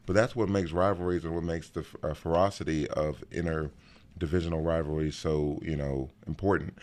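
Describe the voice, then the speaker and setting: A man's voice: rumbling low, steady tone, normal speed, a little mellow. A man co-hosting a casual sports talk show, rambling and joking with playful swings in his voice. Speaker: co-host.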